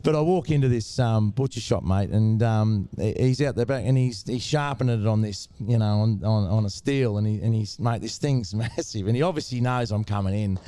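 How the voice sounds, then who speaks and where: A middle-aged Australian man, a former cricketer, telling stories in a relaxed interview and saying "mate" all the time. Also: lowish voice, fairly quick, few pauses, smooth, dry recording. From Tasmania, Australia. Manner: laid-back, says mate a lot. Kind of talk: casual interview storytelling.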